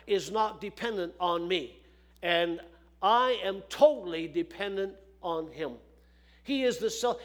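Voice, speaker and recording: A man preaching a sermon, folksy and repeating phrases for emphasis. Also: high voice.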